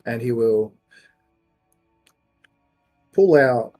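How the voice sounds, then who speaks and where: A man playing a tabletop game, gentle and affectionate as he describes his character's actions. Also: mid-range voice, lively intonation, extremely slow, faint music behind. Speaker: player. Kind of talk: tabletop role-play.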